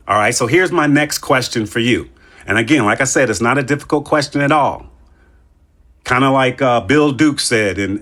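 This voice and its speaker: A man's voice: medium pitch, fairly quick, a bit bright, soft background music. A man hosting a podcast in casual chat, joking and rambling with playful asides. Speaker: podcast host.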